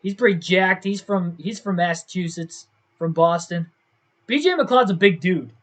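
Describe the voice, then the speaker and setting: A young man with a high-pitched, slightly bright voice speaks at a moderate pace while streaming games. Casually commentating for his viewers, he thinks aloud and keeps second-guessing himself.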